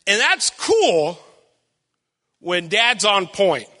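A young man giving a sermon with personal stories, loud and animated, self-deprecating and acting out what people say. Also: sits high, extremely slow, big-room sound. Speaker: preacher.

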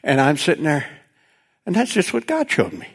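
A man preaching in an animated, folksy storytelling manner, often breaking into laughter. His voice sits a touch higher than most men's, and he addresses the congregation directly. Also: normal speed, vocal fry, breathy edge. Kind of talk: storytelling sermon.

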